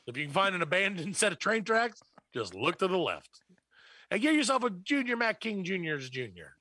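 Bright, lively man joking on a podcast. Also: high-pitched, normal speed, no echo. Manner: joking, exaggerated ad-read delivery. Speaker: podcast co-host. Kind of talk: comedic casual chat with a mock ad.

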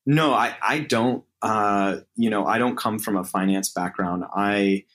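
A man with a fairly low voice answers interview questions in a relaxed, conversational way. He hesitates often, restarting phrases and filling pauses as he thinks aloud. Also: low-quality recording. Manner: hesitant, many fillers and restarts. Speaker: interview guest, startup co-founder. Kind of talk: casual interview talk.

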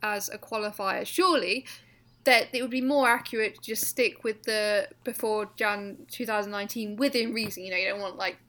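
A woman co-hosting a running podcast in casual chat, incredulous and quick to laugh. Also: mid-range voice, steady tone, sharp tone. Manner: chatty, incredulous, laughs often. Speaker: podcast co-host.

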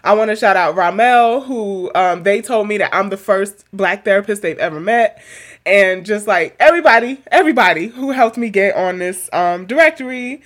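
A young woman and therapist chatting casually as podcast co-host, animated, laughing often and swearing casually. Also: medium pitch, normal speed.

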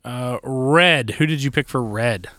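A man co-hosting a podcast, chatting in a relaxed, casual way and trailing off with fillers. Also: medium pitch, a little slow, no room sound, studio quality. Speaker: podcast co-host. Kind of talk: casual chat.

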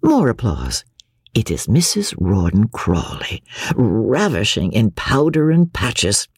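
A woman reads a classic novel aloud in a close, dry studio sound. Her pitch swoops widely as she lifts her voice for quoted characters. Her tone has a soft husk to it. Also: very animated, a little slow, slightly rough, no echo. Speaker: audiobook narrator. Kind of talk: classic novel audiobook reading.

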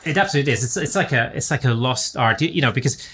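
A man's voice: medium pitch, rapid-fire, sharp tone, slight background noise. A man in casual conversation, rambling, with many restarts and fillers. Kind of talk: casual chat.

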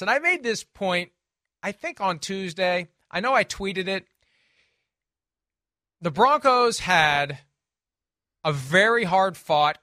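A talkative man hosts a football picks podcast, wry and quick to correct himself. His voice sits high and bright, recorded close and dry. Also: no room sound. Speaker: podcast host. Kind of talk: casual sports podcast analysis.

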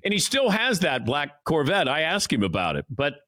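A man, a sports broadcaster appearing as a guest, telling anecdotes in casual chat and acting out the shouts and quotes in his stories. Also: on the high side, moderate pace, dry recording, clean studio sound. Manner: animated storyteller who acts out shouts and quotes.

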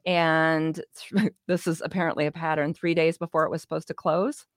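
A middle-aged woman, a guest in an interview, telling her life story in a casual, animated way, acting out quoted dialogue and laughing often. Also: low voice, fairly quick, no echo, clean studio sound. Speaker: interview guest, business owner.

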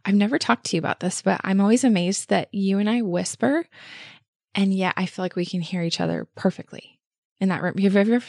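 A woman's voice: medium pitch, brisk, vocal fry, a little mellow, no echo, clean studio sound. A woman co-hosting a podcast, telling a personal story in an earnest, enthusiastic way with lots of casual fillers. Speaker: podcast co-host.

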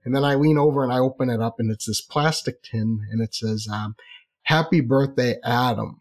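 A man telling a personal story in an animated, chatty way, full of asides and restarts. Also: medium pitch, moderate pace.

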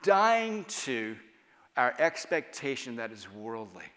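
Animated preacher man in a reverberant hall. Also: mid-range voice, takes it slowly. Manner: animated, swings from loud to hushed. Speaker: guest speaker. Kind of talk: sermon. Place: church hall at a conference. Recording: long reverb of a large hall.

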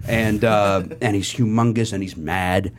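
A man's voice: a little slow, slight background noise. A man telling a comic story in casual chat, with a carrying voice that has a little edge. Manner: animated, jumps into high voices for quoted people. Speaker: podcast regular telling a story.

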